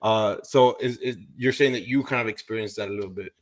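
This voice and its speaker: A man's voice: on the low side, a little fast. A man hosting a casual podcast interview, asking questions and reading listener comments aloud. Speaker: podcast host.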